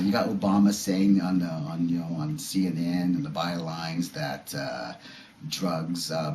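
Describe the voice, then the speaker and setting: A man's voice: low-pitched, reverberant, a little hiss or hum. A man in his fifties talking casually and rambling, with many fillers, who acts out short quoted lines while he tells a story. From Canada. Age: 50s. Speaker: vlogger.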